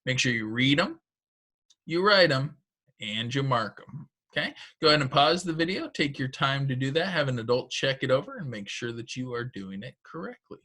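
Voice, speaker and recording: Bright-voiced male phonics teacher. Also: mid-range voice, expressive, moderate pace. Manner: patient, step-by-step instructions. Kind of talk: recorded phonics lesson for children and parents.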